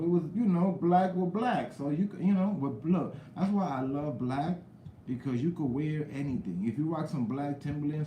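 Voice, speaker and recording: A young man chats casually on a live stream, drifting from topic to topic and calling out viewers by name. His voice is mellow and relaxed. The room echoes around him, with a faint hiss underneath. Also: medium pitch. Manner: loose, rambling talk with slang and cursing, greets chat viewers loudly.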